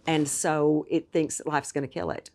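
A woman guest telling a personal story in an animated, expressive way. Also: low voice, normal speed. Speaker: podcast guest. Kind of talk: storytelling in conversation.

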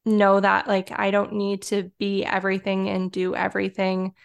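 A woman with a Detroit accent, a guest in a relaxed podcast chat, talking loosely with lots of "like" and "um". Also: mid-range voice, normal speed, creaky, clean tone. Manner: relaxed, chatty, filler-heavy with frequent likes and ums. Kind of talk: casual chat.

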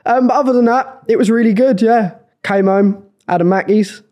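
A young man, co-hosting a podcast and telling stories in casual chat. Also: moderate pace. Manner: chatty storyteller, lively swings in pitch. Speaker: podcast co-host.

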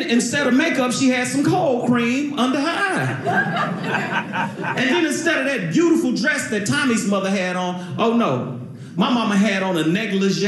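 A man performing stand-up comedy, telling a story in an animated, theatrical way. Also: very high voice. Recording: echoey club with loud crowd laughter.

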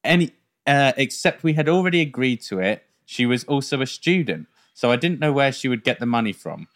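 A man's voice: medium pitch, sing-song, a little fast, fairly bright tone. A young man hosting a podcast, chatting casually and reading out audience stories, teasing and laughing often. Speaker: podcast host.

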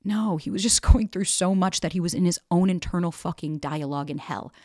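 A woman with a fairly low voice speaks on a podcast in a frank, emphatic way and swears freely. Her voice is close to a podcast mic and sounds dry. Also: a little fast, darkish tone, no room sound. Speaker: podcast host and dating coach. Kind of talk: candid podcast monologue.

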